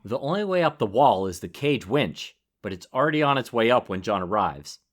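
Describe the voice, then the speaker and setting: A man's voice: mid-range voice, big pitch swings, brisk. A man co-hosting a podcast, reacting wryly in casual chat and reading a chapter summary. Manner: wry, easygoing responder. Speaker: podcast co-host.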